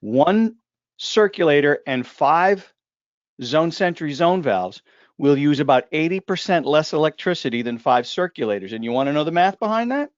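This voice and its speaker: A man's voice: a little high, expressive, moderate pace, no echo, highs cut off. A man hosting a casual live discussion, talking in a joking, rambling way full of asides and restarts. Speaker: host.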